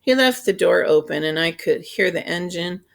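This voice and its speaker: A woman reading a children's novel aloud in a steady, unhurried storytelling voice. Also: lowish voice, creaky. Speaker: audiobook reader. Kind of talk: scripted narration.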